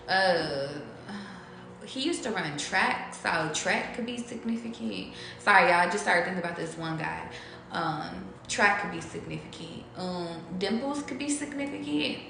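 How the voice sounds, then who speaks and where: A woman's voice: fairly low pitch, animated, a little slow, creaky, sharp tone. A young woman giving a casual tarot reading to her viewers, loose and chatty, swearing freely and breaking into bits of song. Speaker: tarot reader. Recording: echoey room with faint background noise.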